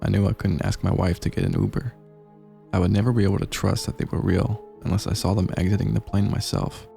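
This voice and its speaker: Gravelly low-voiced horror narrator. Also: male voice, little pitch movement, dark tone. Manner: measured, grave storytelling. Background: faint gameplay music.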